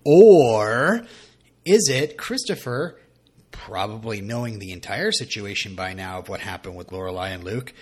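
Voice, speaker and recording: A man's voice: on the low side, expressive, unhurried, husky. A young man co-hosting a podcast in casual chat, rambling and joking at his own expense, with lots of fillers and restarts. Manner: rambling, self-mocking, full of fillers and restarts. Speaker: podcast co-host.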